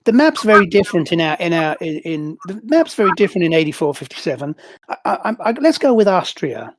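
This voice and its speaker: A man's voice: high voice, big pitch swings, fast talker, no echo. A man voicing a cheery male telepathic computer that takes the form of a box, speaking in a raised voice and getting muddled. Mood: cheerful, muddled. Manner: chirpy, hesitant, easily confused. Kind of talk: tabletop role-play voicing.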